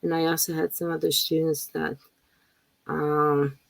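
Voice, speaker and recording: A woman teacher trainer giving a relaxed live webinar talk, often repeating words and reading chat questions aloud. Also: low voice, measured pace, gravelly, dry recording, low-quality recording. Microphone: computer mic on a video call.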